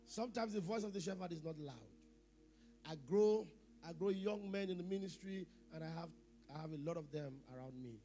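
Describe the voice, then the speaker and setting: A middle-aged pastor preaches a sermon, quizzing the congregation, repeating phrases, and swinging between loud emphasis and quiet asides. He talks fast in a voice on the high side, with soft music behind him.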